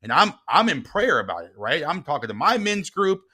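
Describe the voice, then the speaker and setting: A middle-aged male author, appearing as a guest, tells a personal story in casual conversation. His fairly high, sing-song voice runs a little fast, moving between quiet reflection and a heated retelling.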